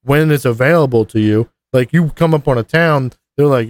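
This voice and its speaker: A man's voice: medium pitch, normal speed, hardly any pauses, darkish tone, dry recording. A man co-hosting a casual podcast, rambling with lots of fillers and swearing. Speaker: podcast co-host. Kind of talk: casual profane chat.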